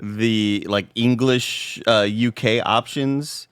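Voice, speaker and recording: A man on a games podcast panel, talking in a halting, unsure way. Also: mid-range voice, fairly even intonation, a bit bright, clean tone, no room sound, clean studio sound. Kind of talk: casual panel chat.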